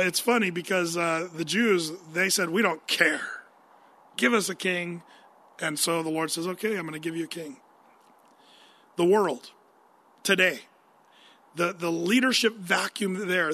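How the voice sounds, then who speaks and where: A man preaching. He reads scripture and talks through it in a lively, conversational way, asking his listeners questions. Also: high-pitched. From United States. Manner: animated, conversational, asks the audience questions. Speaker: pastor. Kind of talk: sermon with scripture reading.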